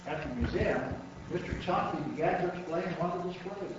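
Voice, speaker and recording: A man reads a children's picture book aloud to a class in a cheerful way. His voice sits a bit high. It is caught from a distance in a very echoey room, sounding dull, with clear noise behind. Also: a little fast. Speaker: guest reader.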